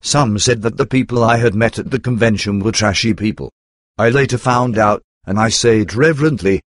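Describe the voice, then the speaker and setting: A man narrating a first-person memoir in a measured, earnest storytelling manner. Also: fairly low pitch, dry recording.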